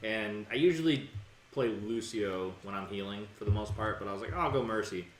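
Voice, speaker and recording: A man co-hosting a gaming podcast, telling an anecdote in casual chat and getting animated when he quotes himself. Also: on the low side, a little fast. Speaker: podcast co-host. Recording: roomy room with faint background noise.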